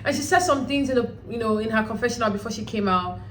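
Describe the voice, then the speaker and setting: A woman hosting a reality show recap, talking casually in an animated, blunt way with some swearing. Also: on the high side, quick pace, a little hiss or hum, low-quality recording.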